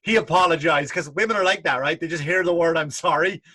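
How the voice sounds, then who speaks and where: A man's voice: fairly high pitch, fast, bright, forceful tone. A male comedian co-hosting a podcast from a basement home studio, ranting in casual, profane chat.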